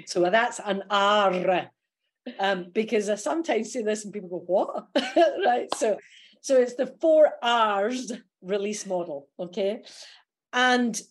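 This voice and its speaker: A woman with a Scottish accent, a coach guesting on a podcast, explaining her ideas in a lively way and laughing often. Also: mid-range voice, slow. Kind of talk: casual podcast interview.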